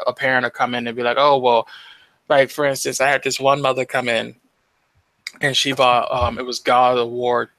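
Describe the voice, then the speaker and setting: A man's voice: medium pitch, dry recording. A young man co-hosting a casual podcast, telling stories with lots of swearing and acting out the people he quotes. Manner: animated storytelling, heavy swearing, acts out quoted voices. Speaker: podcast co-host.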